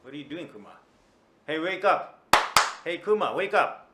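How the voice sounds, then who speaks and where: A man voicing a loud, excitable man who stammers and shouts as he scolds a friend. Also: mid-range voice, measured pace, heavy background noise. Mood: excited.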